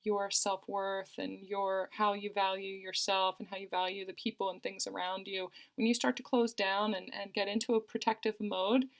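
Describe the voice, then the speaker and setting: A woman's voice: mid-range voice, little pitch movement, moderate pace, few pauses. A woman giving a tarot card reading, talking earnestly and reassuringly and often repeating her phrases. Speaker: tarot reader.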